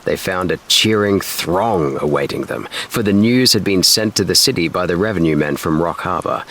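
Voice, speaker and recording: A man reading a classic adventure novel aloud as a calm, steady bedtime story. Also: deep voice, slight background noise. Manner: slow, steady, soothing. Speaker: narrator.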